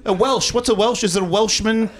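A brisk, high-voiced Australian man does crowd work in a comedy club, his stand-up rambling and full of profanity. Laughter from the live audience is heard throughout.

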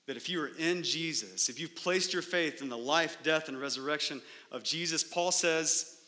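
A man's voice: a little high, moderate pace, sharp tone, long reverb tail. A man preaching a sermon as pastor in a church sanctuary, emphatic and full of rhetorical questions.

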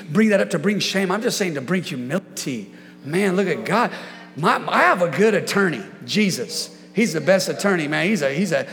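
A man's voice: fairly high pitch, vocal fry, fairly bright tone, long reverb tail. A man preaching a sermon as a pastor in a church, emphatic and repetitive, leading the congregation in call-and-response. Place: church sanctuary.

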